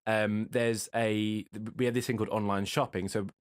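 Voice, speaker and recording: A man's voice: lowish voice, little pitch movement, normal speed, smooth, dry recording, studio quality. A man co-hosting a casual podcast, telling stories in a rambling way with lots of fillers and restarts. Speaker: podcast co-host. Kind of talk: casual chat. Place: home streaming setup.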